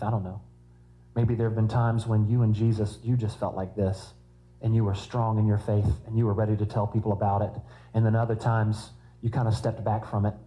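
A man's voice: fairly low pitch, dark tone, rough recording. A man preaching a sermon in a conversational style, with humorous asides.

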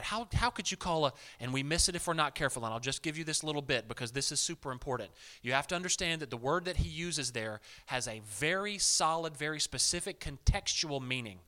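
A man delivering a sermon in a conversational, animated style, often turning to the congregation with asides. His voice sits fairly high and sounds bright and forceful. His pitch rises and falls widely. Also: brisk. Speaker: pastor.

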